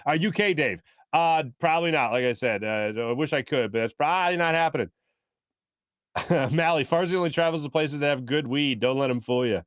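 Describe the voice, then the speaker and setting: A man's voice: fairly high pitch, brisk, a bit bright, clear, resonant tone, no room sound, clean studio sound. A man hosting a casual live sports talk stream, joking, humming filler tunes and reading out viewer comments. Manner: chatty, jokey, hums filler tunes and tries celebrity impressions. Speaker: sports talk show host.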